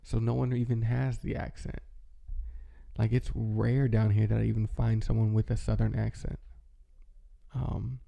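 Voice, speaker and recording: A man's voice: fairly low pitch, flat delivery, a little slow, creaky, lo-fi sound. A man in casual, rambling chat as a vlogger, with many fillers and restarts. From American Midwest. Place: home, with his dog nearby.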